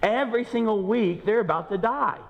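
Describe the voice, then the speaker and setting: A man preaching a sermon as pastor, conversational and joking, acting out scripture quotes in lively asides. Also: high voice, normal speed, vocal fry, long reverb tail, phone-quality sound. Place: church sanctuary.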